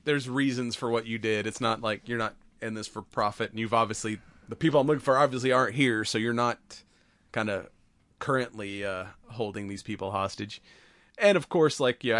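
Animated man retelling a movie. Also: fairly low pitch, no echo. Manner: animated, laughs often while telling. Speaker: podcast co-host. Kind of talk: casual chat, retelling a movie.

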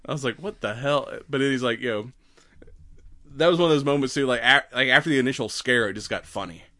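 A man talks loosely about a horror movie he saw. He rambles from scene to scene, laughing often and acting out the lines. His voice sits at an ordinary middle pitch. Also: quick pace, pushed and bright. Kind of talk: casual movie review chat.

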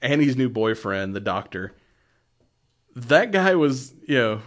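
A man's voice: medium pitch, very animated, slow pace, fairly bright tone. A man co-hosting a podcast, retelling film scenes in casual chat and laughing often. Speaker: podcast co-host. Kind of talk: casual movie review chat.

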